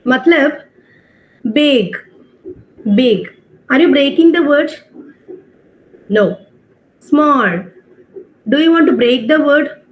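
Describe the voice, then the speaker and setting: A woman's voice: high voice, lively intonation, slow pace, pauses often, slight background noise. A woman teaching an online English class, explaining step by step, checking with questions and mixing in Hindi phrases. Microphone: video call. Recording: dull online-class audio.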